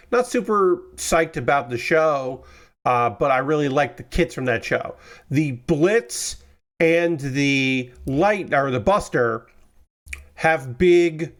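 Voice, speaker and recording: A man with a slightly high voice talks loosely to his stream viewers while he works on a model kit at his table. He rambles, restarts his sentences and fills the gaps with "uh" and "um" in an easygoing chat. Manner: rambling, many fillers and restarts. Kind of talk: casual live-stream chat. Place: home room at a work table.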